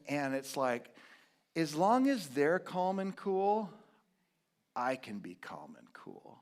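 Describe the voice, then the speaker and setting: Middle-aged male pastor, animated sermon delivery, drops to a hush then bursts loud. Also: mid-range voice. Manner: animated storytelling, swings from hushed to loud. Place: church sanctuary.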